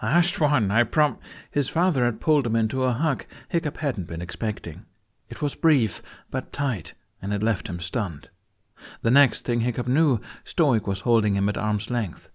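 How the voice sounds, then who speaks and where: Male audiobook reader, animated and expressive, mid pitch. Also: normal speed. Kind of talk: storybook narration.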